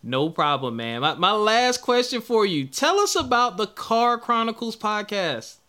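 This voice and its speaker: A man hosts a relaxed interview podcast, his voice bright and forceful. He talks in an upbeat, encouraging way and keeps affirming his guest. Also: high voice, a little slow. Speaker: podcast host. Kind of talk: casual interview conversation.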